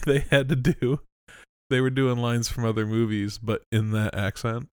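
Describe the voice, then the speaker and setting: A man co-hosting a podcast in casual chat, joking and animated, often bursting into laughter. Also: mid-range voice, a little slow, clean tone, no room sound, clean studio sound. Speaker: podcast co-host.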